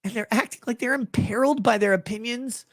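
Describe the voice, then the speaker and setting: A man in the middle of a profane reaction rant. He is angry and mocking, and his voice jumps from shouts down to low mutters. The sound is dry and close, with no room around it. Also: fairly quick, no echo. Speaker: host reacting to clips.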